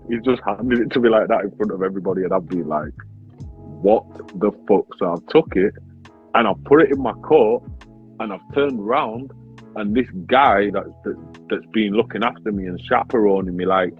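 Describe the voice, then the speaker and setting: A man, a grime artist and battle rapper telling a story in a casual interview, animated, swearing often and saying "bro" all the time. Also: lowish voice, moderate pace. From Leeds, England. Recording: tinny phone-like sound with faint music.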